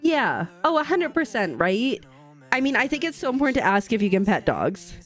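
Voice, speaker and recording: Stitching on a live craft stream, this young host bubbles along, rambling and responding to messages from her chat, recorded at home through a desk mic. She sounds very animated at a fairly high pitch and normal speed, with soft music behind her.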